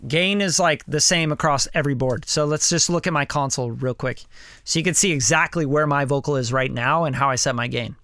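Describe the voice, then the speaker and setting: A man walks through his studio vocal setup in a loose, chatty way, with a smooth and resonant tone sitting a touch higher than most men's. His voice comes close and dry through a studio mic, with no room around it. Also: normal speed, pushed and bright, no room sound. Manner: loose, conversational, repeats mic checks, occasional swearing. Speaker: studio engineer and host. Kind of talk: casual hands-on studio demo. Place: home recording studio. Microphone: studio vocal mic through preamp and compressor.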